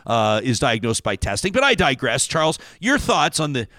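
A man's voice: medium pitch, moderate pace, dry recording, studio quality. A man hosting a podcast in casual chat, telling stories animatedly and acting out what others said. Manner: animated storyteller who acts out quotes. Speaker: podcast host.

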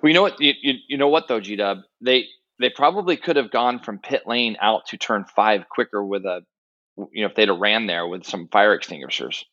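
A man's voice: on the low side, brisk, fairly bright tone. A man co-hosting a racing podcast from a hotel room over a remote call, chatty and ribbing, with loose fillers. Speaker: podcast co-host. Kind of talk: casual chat about motorcycle racing. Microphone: remote call with a dropping connection. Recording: dull lo-fi call audio.

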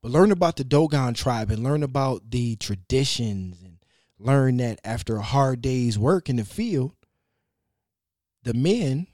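A man spins a story in relaxed, slangy talk, cursing freely and often stopping to restart his sentences. His voice sits at an ordinary pitch for a man. The room is dry and close, with hardly any echo. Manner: loose and animated, with slang and cursing; halting, with frequent restarts. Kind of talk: casual conversational storytelling.

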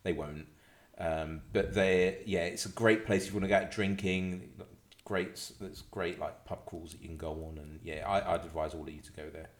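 Low-voiced man bantering and laughing. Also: fairly even intonation, normal speed. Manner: laughs often, rambling and playful. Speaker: podcast co-host. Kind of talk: casual banter.

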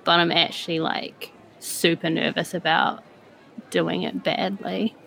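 A woman's voice: on the low side, little pitch movement, unhurried, gravelly, fairly bright tone, low-quality recording. A woman playing a tabletop role-playing game, playful and giggly. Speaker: player. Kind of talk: casual tabletop role-play.

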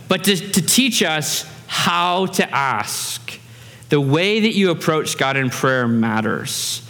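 Lively bright-voiced male pastor preaching. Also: mid-range voice. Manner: animated, conversational, acts out voices in anecdotes. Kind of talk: sermon. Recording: reverberant hall.

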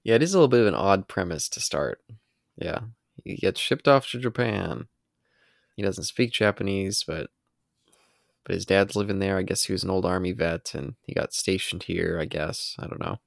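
A man's voice: sits low, normal speed, vocal fry, dry recording, studio quality. A man co-hosting a podcast, chatting casually about a movie and thinking aloud with hesitant fillers. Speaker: podcast co-host. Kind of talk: casual film commentary chat.

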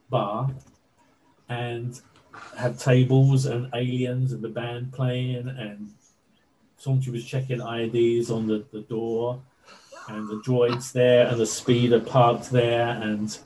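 A man being interviewed, telling a story in a casual, animated way with lots of fillers. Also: mid-range voice, slight background noise, rough recording. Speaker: interview guest.

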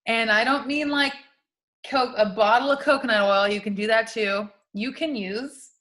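A woman co-hosting a podcast in a loose, casual chat. Her voice sits a bit on the high side, and she talks freely, swears offhandedly and laughs easily. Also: moderate pace, fairly bright tone. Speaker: podcast co-host.

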